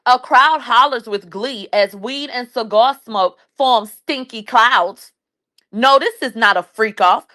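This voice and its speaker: A woman commentator reading a news article aloud on her channel, cursing and mocking it between lines in a loud, sarcastic manner. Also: fairly high pitch. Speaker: commentary YouTuber.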